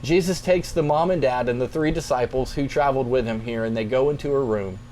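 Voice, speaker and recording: A young man, a youth pastor, reading scripture and then explaining it in a relaxed, conversational devotional talk. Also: medium pitch, fairly quick, a little hiss or hum. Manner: relaxed, conversational, plainspoken encouragement.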